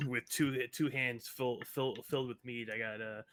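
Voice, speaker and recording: A man plays a tabletop game, joking and rambling in character and stumbling over his words. His voice sounds bright and forceful. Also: medium pitch, steady tone, unhurried. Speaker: player. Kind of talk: tabletop role-play.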